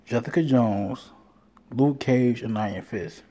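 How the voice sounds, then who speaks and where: Warm and mellow in the mid range, a man talks through a casual, wandering podcast monologue, cursing freely and doing fast impressions of what people said to him.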